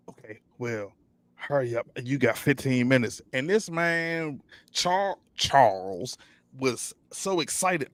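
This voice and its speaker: A man, co-hosting a casual recap. He retells scenes animatedly and acts out his own reactions. His voice sits at a middle pitch and sounds dry and close. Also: lively intonation, slow, no room sound. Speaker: co-host of a TV recap show.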